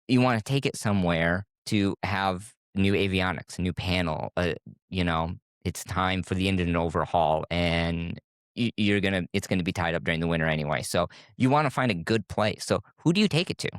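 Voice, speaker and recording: A podcast co-host from West Michigan explains things casually in bursts, often tagging on "right?". He has a low, deep voice. The sound is dry and close. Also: normal speed, clean tone, dry recording. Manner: explains in bursts, tag questions. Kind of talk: casual chat.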